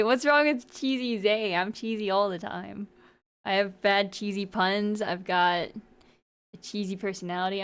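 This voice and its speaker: A woman's voice: mid-range voice, smooth. A woman streamer chatting casually with her viewers, playful and giggly as she teases them. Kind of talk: casual live-stream chat.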